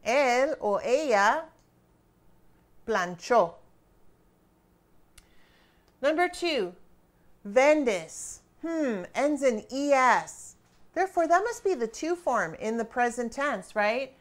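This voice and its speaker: A woman walks students through a grammar drill in an unhurried, deliberate way, asking a question and then pausing to let them think. Her voice sits a little higher than most. She is encouraging and keeps checking in with them. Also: lively intonation. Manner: encouraging, quizzing students with pauses and rhetorical questions. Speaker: Spanish teacher. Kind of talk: classroom grammar lesson.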